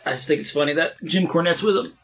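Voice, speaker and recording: A man chatting casually with friends over a wrestling match, playful and quick to laugh, swearing freely. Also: fairly high pitch. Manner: playful, laughs easily, profane. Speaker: co-host watching wrestling.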